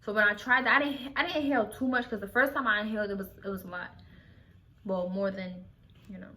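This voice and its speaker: A woman's voice: medium pitch, fairly even intonation, fast, bright, forceful tone, a little hiss or hum. A young woman from Philadelphia telling a casual story to her vlog audience. She talks in loose, slangy, profane speech, full of "like", and often restarts her sentences. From Philadelphia, USA. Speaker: vlogger.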